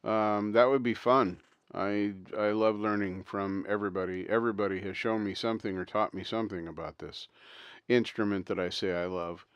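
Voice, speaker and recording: A man's voice: on the low side, steady tone, moderate pace, clean tone, dry recording, highs cut off. A man hosting his own livestream, telling rambling stories in casual chat and chuckling as he goes. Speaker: livestream host.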